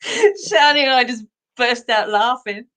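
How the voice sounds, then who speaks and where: A woman's voice: on the high side, sing-song, unhurried, sharp tone. A middle-aged Australian woman hosting a live stream, chatting casually and rambling through funny stories with frequent laughter. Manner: chatty, rambling storyteller who laughs often.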